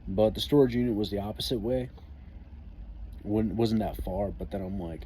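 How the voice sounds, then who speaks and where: A man's voice: on the low side, moderate pace, pauses often, dark tone, a little hiss or hum. A man telling a story in a casual vlog, profane, wry and laid-back, as an army veteran.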